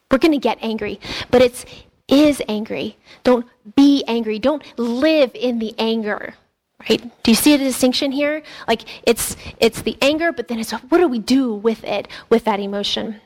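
A woman pastor preaching a sermon in an earnest, conversational way, often restarting her sentences. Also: high voice.

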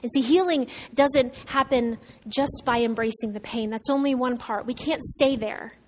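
A woman pastor preaches at a normal speed, her clear, fairly high voice carrying a little hiss or hum in the background. Her sermon is conversational, with asides and restarts, and ranges from raised emphasis to soft whispers.

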